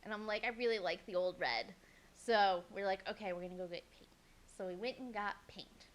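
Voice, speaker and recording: A young woman co-hosting a podcast, telling a story in a casual, animated way, swearing freely and acting out what people said. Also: medium pitch, a little fast. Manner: animated, swears a lot, acts out quotes. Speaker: podcast co-host.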